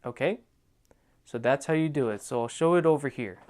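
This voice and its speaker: Here a young man with a medium-pitched, darkish voice walks viewers through a dance routine one step at a time, slowly counting out moves and repeating "okay?" to check in after each.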